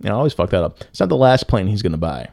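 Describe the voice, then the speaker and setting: A young man co-hosting a podcast, telling a story casually with lots of swearing and filler words and bursts of loud disbelief. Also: on the low side, very animated, very fast, gravelly, no room sound, studio quality. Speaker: podcast co-host.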